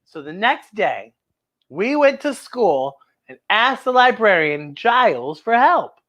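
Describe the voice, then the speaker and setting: Animated woman reading to kids. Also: mid-range voice, takes it slowly, dull audio. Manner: animated, chatty asides. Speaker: children's story host. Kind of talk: reading a picture book aloud to kids.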